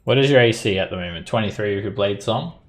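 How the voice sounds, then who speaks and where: A man with a very low, gravelly voice runs a tabletop game as its dungeon master. He narrates the action briskly and explains the rules patiently.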